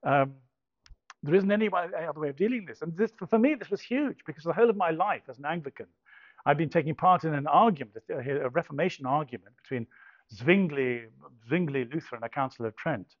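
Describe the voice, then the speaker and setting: A man's voice: fairly high pitch, expressive, fast talker, dry recording. Older man, wry hesitant storyteller. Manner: hesitant, self-deprecating humour, frequent restarts. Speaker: speaker giving a personal testimony. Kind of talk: storytelling talk. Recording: dull dry recording.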